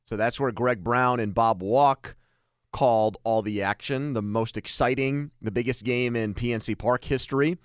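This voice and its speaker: A man's voice: mid-range voice, normal speed, clear, resonant tone, dry recording, clean studio sound. A man hosting a sports radio show, chatting casually and teasing his co-host.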